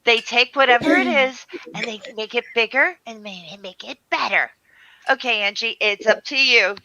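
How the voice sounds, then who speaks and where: A woman chatting with friends on a call, animated and quick to laugh, from the East Coast of the US. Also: on the high side, dry recording, lo-fi sound. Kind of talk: casual chat.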